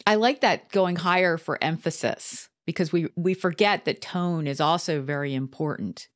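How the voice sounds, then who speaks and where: A woman hosts the conversation with a low, even voice, recorded dry and close. She asks curious questions and responds warmly to her guest's points. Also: moderate pace, dry recording. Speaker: podcast host. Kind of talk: conversational interview.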